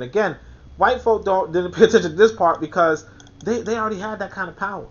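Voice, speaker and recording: A man's voice: high voice, quick pace. A man commenting on a book he reads aloud, talking emphatically and repeating his key points. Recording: dull lo-fi recording.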